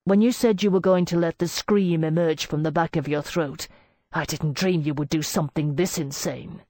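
A woman reading the lines of an anxious male poet, urgent and alarmed, with loud sudden bursts. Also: sits low, fairly even intonation, normal speed, no echo, clean studio sound. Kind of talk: audiobook character reading.

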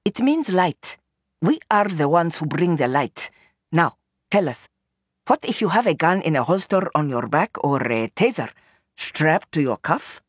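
A woman's voice: low voice, very animated, measured pace, breathy edge, dry recording, clean studio sound, full character voice. A woman voicing a confident young woman who leads a protest crowd, speaking in a mocking, assured way, in an audiobook. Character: bold, amused young woman protest leader.

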